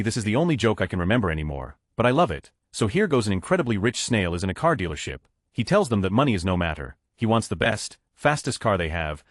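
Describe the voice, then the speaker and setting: A man's voice: fairly low pitch, no room sound, clean studio sound. A man narrating a string of reader-submitted jokes in a scripted, announced-by-number way. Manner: animated, reads numbered stories one after another.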